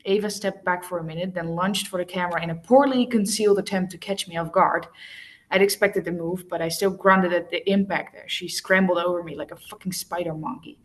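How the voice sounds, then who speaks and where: A woman hosting a casual read-along, reading a romance novel aloud and often stumbling and correcting herself. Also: mid-range voice. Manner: stumbles and self-corrects, laughs at slips.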